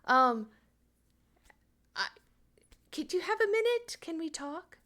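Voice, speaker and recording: A woman's voice: extremely high pitch, sing-song, slow pace, bright, forceful tone, voice pushed up, exaggerated voice. A woman putting on a syrupy scheming neighbor lady. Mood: sugary. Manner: syrupy, overly sweet, hesitant. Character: sugary scheming woman who bribes with brownies. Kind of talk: improvised character play in a tabletop game.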